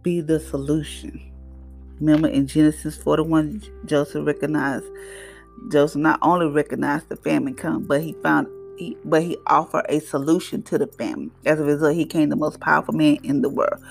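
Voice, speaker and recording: A middle-aged woman hosts her own podcast, talking in a preachy, emphatic way about faith and getting through life's problems. Her voice has a gravelly edge, and faint guitar music plays quietly underneath. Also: sits low, steady tone, normal speed. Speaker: podcast host. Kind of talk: faith-based motivational talk.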